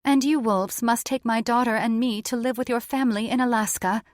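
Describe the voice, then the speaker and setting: A woman voicing a sultry, scheming female djinn who bargains haughtily, pitched well above her own voice. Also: fairly even intonation, a little fast, no room sound, clean studio sound, natural voice. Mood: haughty.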